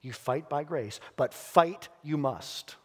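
A pastor preaching a sermon in a church, telling stories earnestly and emphatically with dramatic pauses. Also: male voice, fairly high pitch. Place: church sanctuary. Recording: long church hall reverb.

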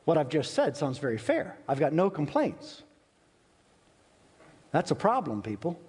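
A male pastor preaching slowly and deliberately, pressing his points with earnest emphasis and long pauses. His voice sits a little high for a man, and it rings out with the long reverb of a large hall. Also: wildly swooping pitch, a little mellow, slightly rough. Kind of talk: sermon.

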